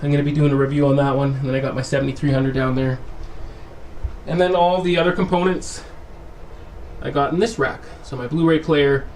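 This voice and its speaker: A man hosts a casual home theater vlog, calling viewers "guys" and teasing what comes next, recorded on a camera mic in his home theater room. His medium-pitched voice is darkish and flat, and he talks fairly quickly over slight background noise.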